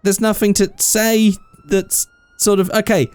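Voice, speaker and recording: A man's voice: high voice, flat delivery, a little slow, a little mellow, clean tone, no room sound. A man giving casual, rambling gameplay commentary as a channel host, thinking aloud as he goes.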